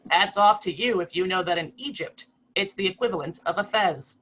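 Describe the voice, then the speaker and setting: A man hosting a trivia quiz over a video call, reading clues in a brisk, matter-of-fact way. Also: sits high, fairly bright tone, a little hiss or hum. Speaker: quiz host. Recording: slightly muffled video call audio.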